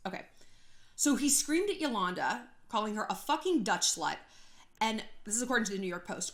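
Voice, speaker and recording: A California woman hosts a casual YouTube gossip commentary vlog, chatty and sarcastic, laughing a lot and swearing freely and frequently. Her mid-range voice is a bit bright.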